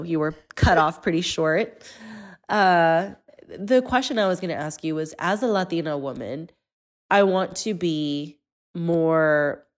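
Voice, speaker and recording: A woman in her thirties hosting an interview podcast, talking earnestly and personally. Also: low-pitched. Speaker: podcast host. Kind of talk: conversational interview.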